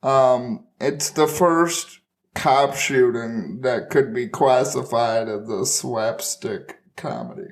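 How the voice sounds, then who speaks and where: A man's voice: mid-range voice, takes it slowly. A man co-hosting a podcast, making dry, sarcastic jokes in casual chat. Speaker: podcast co-host.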